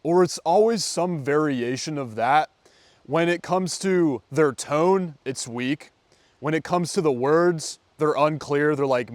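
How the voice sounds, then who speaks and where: Young man coaching, slightly high voice. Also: lively intonation, a little slow, a little mellow, dry recording. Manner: conversational, acts out example dialogues. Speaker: dating coach. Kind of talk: casual advice vlog.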